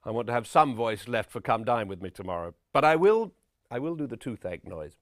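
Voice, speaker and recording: A man's voice: fairly low pitch, lively intonation, fast talker, dry recording, clean studio sound, lightly acted. A man playing a pompous vain old-school actor. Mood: self-important. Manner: pompous, self-regarding theatrical lecturing. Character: vain pompous middle-aged male character actor. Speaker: actor giving acting advice. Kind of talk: deadpan spoof documentary address.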